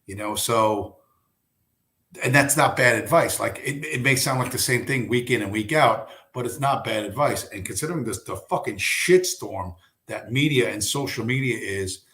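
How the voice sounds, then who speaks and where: A man's voice: medium pitch, normal speed, fairly bright tone. A man hosting a livestream, talking in a rambling, profane, storytelling way. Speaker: livestream host. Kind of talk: casual livestream monologue. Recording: roomy echo.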